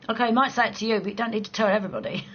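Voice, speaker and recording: A woman's voice: fairly high pitch, a bit bright. Blunt, chatty woman. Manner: chatty and blunt, swears, laughs often. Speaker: live-stream host. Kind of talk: casual late-night live chat reading comments. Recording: slightly dull sound with faint background hiss.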